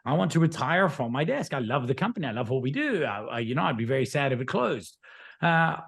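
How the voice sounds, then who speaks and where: A man's voice: medium pitch, very animated, fast talker, creaky, fairly bright tone. A man talking through his views in a casual podcast discussion, musing and correcting himself as he goes. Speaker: regular guest.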